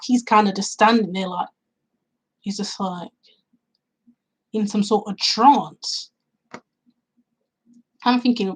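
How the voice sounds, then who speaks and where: A woman's voice: mid-range voice, husky, poor audio. A woman reviewing a film in a casual vlog, retelling the plot at length with fillers and quoting her own reactions, recorded outdoors in cool weather.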